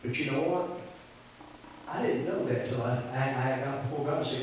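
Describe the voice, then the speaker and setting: A man's voice: medium pitch, normal speed. A man with a Southern US accent, preaching a sermon in a folksy, conversational way and drawing responses from the congregation. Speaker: pastor. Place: church sanctuary. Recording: echoey church hall from far off, faint hiss.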